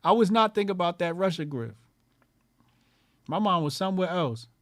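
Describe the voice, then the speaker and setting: A fairly high-voiced man rants on his call-in show with mockery and constant swearing. He hammers his points home by repeating lines. The sound is close and dry, with no room around it. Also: expressive, moderate pace, no room sound. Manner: loud, profane, mocking, repeats lines for emphasis. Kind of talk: profane ranting commentary.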